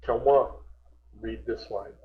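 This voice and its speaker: A man's voice: mid-range voice, steady tone, takes it slowly, phone-quality sound. A man teaching an online group English class, patiently repeating words to correct pronunciation. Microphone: video call.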